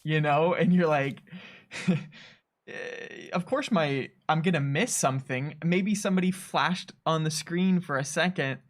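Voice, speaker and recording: A man's voice: on the high side, measured pace. A man co-hosting a game studio livestream, chatting casually, laughing often and reading out viewer chat. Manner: chatty, laughs often, animated when mimicking players. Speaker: streamer co-host reading chat.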